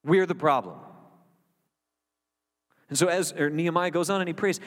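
A preacher's voice ringing through a hall. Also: male voice, a little high, moderate pace. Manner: conversational, earnest, with wry asides. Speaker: pastor. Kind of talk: sermon.

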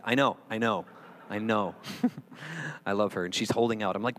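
A middle-aged man preaching a sermon as a pastor, animated and jokey with mocking asides, recorded in a church hall. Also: on the low side, moderate pace, pauses often. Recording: reverberant hall with mains hum.

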